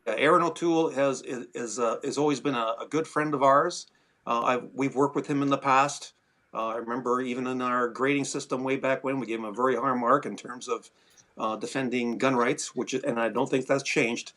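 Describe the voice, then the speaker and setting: A man from Canada talks through a panel discussion at an ordinary, mid-range pitch, sounding exasperated. He rambles, with plenty of "uh"s, false starts and repeated words. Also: fairly even intonation, fairly quick, fairly bright tone. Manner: exasperated, rambling with many fillers and restarts. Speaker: firearms advocacy panelist.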